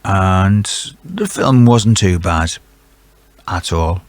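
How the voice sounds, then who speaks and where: A man's voice: deep voice, animated, very slow, no echo. A middle-aged man reads out quiz answers and keeps breaking off into chatty, jokey asides, sometimes talking to himself. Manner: rambling, jokey, talks to himself. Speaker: quiz host.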